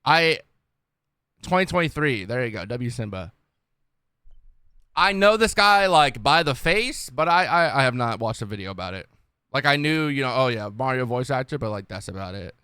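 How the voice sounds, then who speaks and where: A young man streaming, reacting casually to videos in a slangy, excitable, swearing way. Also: medium pitch, moderate pace, clear, resonant tone, no echo, clean studio sound.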